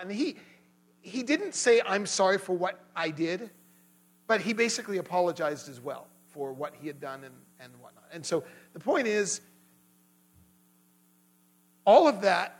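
Man, high voice, earnest lay sermon, animated retelling, faint mains hum behind. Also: low-quality recording. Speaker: lay preacher. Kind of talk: sermon with personal testimony.

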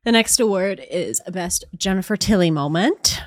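A woman co-hosting a podcast in a relaxed, wry way, steering the chat from segment to segment. The sound is dry and close to the mic, with no room in it. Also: on the low side, normal speed, no echo. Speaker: podcast co-host.

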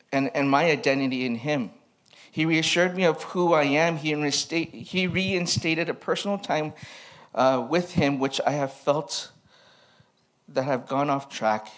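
A man speaking as a pastor, reading from an old journal to his listeners. His delivery is candid and reflective, with a self-mocking edge. His voice sits in an ordinary middle pitch for a man.

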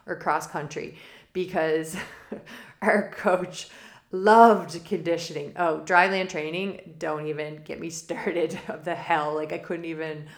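This low-pitched woman talks slowly and steadily in a casual monologue for her spiritual forecast podcast, recorded with a roomy echo. She keeps drifting into digressions and laughs frequently in the middle of sentences.

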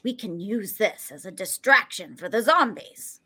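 Lively bright-voiced woman player. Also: mid-range voice, moderate pace, breathy edge.

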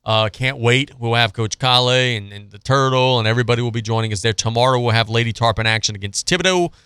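Fast and sharp, this man's mid-range voice carries an opinionated sports talk monologue on his radio show. He blasts a football team with blunt sarcasm before moving on to betting picks, in a clean-toned, dry recording.

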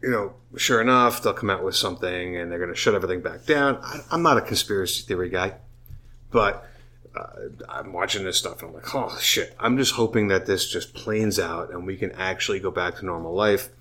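Very low-voiced man, drunk-rambling casual talker, swears a lot. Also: fairly quick, pushed and bright. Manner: profane, tipsy and rambling. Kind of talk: casual chat.

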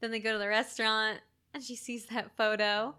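Animated young woman chatting about a film. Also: fairly high pitch, normal speed, smooth. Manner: animated, swearing, heavy use of "like", jumps into excited shrieks. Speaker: podcast co-host discussing a film. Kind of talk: casual chat.

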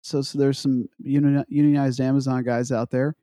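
A man co-hosting a comedy podcast in casual chat, halting over fillers before landing deadpan jokes. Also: medium pitch, dry recording, clean studio sound. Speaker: podcast co-host.

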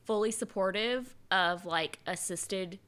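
A woman's voice: medium pitch, slow, fairly bright tone. A woman from Texas, co-hosting a podcast in casual chat, rambling, swearing freely and saying "like" constantly. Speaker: podcast co-host.

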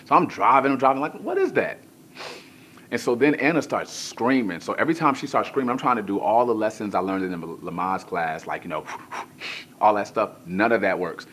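A male pastor telling a comic personal story in a sermon, animated, moving from hushed to shouting, with colloquial asides to the crowd. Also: on the low side, fairly quick, a little hiss or hum.

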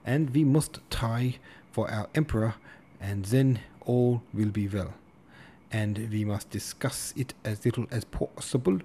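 A man voicing a stocky, pompous old hussar colonel with a German accent, speaking slowly and stressing his words. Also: mid-range voice, mellow, a little hiss or hum, close to an everyday voice. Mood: emphatic. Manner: slow, emphatic, over-stressing words.

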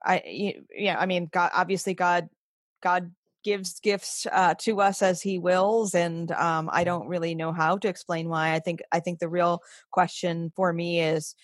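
A middle-aged woman talking as an interview guest, halting with frequent restarts and soft laughs. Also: lowish voice, fairly even intonation, no echo, clean studio sound. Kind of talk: conversational interview.

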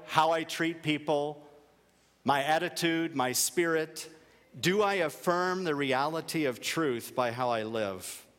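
A man's voice: a little high, fairly bright tone, big-room sound. A male pastor delivering a sermon in an earnest, emphatic way, repeating key phrases for weight.

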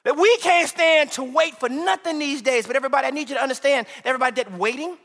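A man preaching a sermon as associate pastor, animated and humorous, calling out to the congregation. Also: extremely high pitch, fast talker, long reverb tail.

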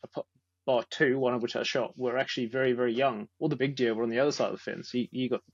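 A man's voice: mid-range voice, steady tone, fast, gravelly, husky, no echo, muffled recording. A man explaining earnestly, repeating words as he thinks. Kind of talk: casual explanation.

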